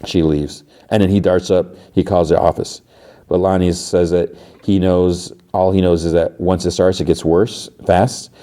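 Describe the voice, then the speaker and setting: The voice is a low-pitched, warm, mellow male one. A podcast host casually retells a TV episode and trails off into "like" and "uh" as he goes. His delivery is relaxed and conversational. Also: normal speed. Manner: loose retelling full of "like" and "uh".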